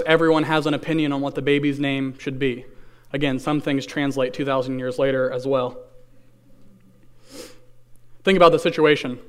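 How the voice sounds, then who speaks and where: A man preaching a sermon, reading scripture aloud and then explaining it in an earnest, conversational way, with rhetorical questions and slow, stressed key phrases. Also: fairly high pitch, clear, resonant tone. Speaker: pastor.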